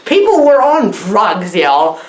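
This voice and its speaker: A woman's voice: mid-range voice, huge pitch swings, slow pace, roomy sound. A woman giving a rambling comedic movie review, talking with mock seriousness and repeating "what? what?" and "y'all".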